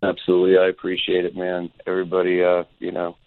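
Deep-voiced man on a tinny phone line. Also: monotone, fast, dry recording. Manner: rambling anecdote with acted quotes. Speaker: guest musician. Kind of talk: phone-in storytelling.

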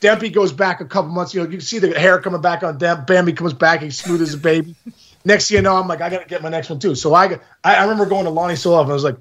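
A man in his forties hosting a podcast, telling a story in casual chat, excitable and exaggerating, laughing at his own tale. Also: high voice, quick pace. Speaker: podcast host.

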